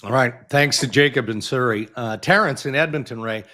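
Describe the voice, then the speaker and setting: A man's voice: mid-range voice, a little fast, bright, forceful tone. A man hosting a casual sports podcast, reading ads and listener questions with a wry laugh. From Canada. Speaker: podcast host. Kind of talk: casual sports chat and ad reads.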